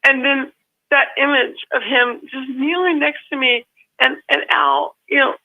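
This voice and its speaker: A woman's voice: sits high, fairly even intonation, unhurried, creaky. A woman calling in to a live show, telling a heartfelt story through tears and rambling restarts over a phone line. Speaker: call-in guest. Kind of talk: emotional call-in chat. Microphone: telephone.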